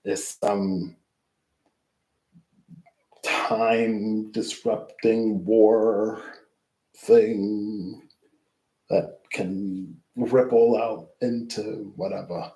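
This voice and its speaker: Male tarot reader, lower voice, rambling reflective sign-off, roomy echo on the recording. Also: steady tone, very slow, pauses often, mellow. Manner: rambling and reflective, trailing off into asides. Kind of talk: casual spoken tarot reading wrap-up.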